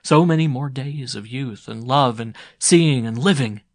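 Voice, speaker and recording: A man narrating an audiobook in an expressive, dramatic storytelling style. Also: medium pitch, measured pace, no room sound, clean studio sound. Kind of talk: scripted narration.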